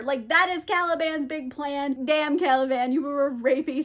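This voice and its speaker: A woman's voice: sits high, fairly even intonation, normal speed, hardly any pauses. A tipsy woman casually retelling a story, giggling often, swearing, and saying "like" a lot. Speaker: book video creator.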